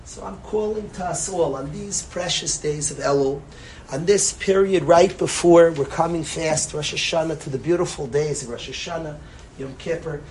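A man giving an impassioned sermon as a rabbi. He swings between loud emphasis and soft, hushed phrases, and repeats lines for stress. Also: a little high, normal speed, slight background noise, low-quality recording.

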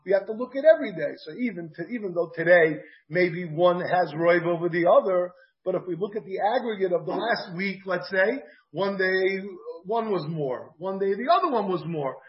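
A man's voice: sits high, expressive, normal speed. A man with an American accent and Yiddish-Hebrew pronunciation teaches a Talmud class, thinking aloud and asking his students questions. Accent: American English with Yiddish-Hebrew pronunciation. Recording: dull, muffled class recording.

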